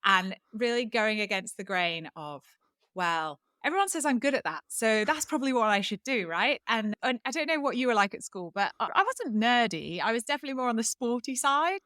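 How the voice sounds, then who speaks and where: An English woman in her thirties, a business coach telling her story as a podcast guest in a lively, candid way. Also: on the high side, brisk, dry recording, clean studio sound. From England. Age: 30s. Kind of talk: casual interview chat.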